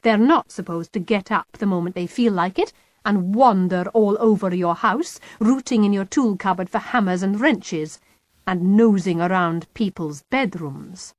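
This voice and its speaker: A woman narrating an audiobook in a wry, lively storytelling manner. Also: medium pitch, a little slow, no echo. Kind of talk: scripted narration.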